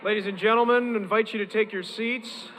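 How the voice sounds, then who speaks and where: A man introduces a conference speaker in a formal, announcing style. His voice is a touch high for a man. The sound carries a long hall reverb over faint room ambience. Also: fairly even intonation, a little fast, sharp tone, slight background noise. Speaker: event emcee.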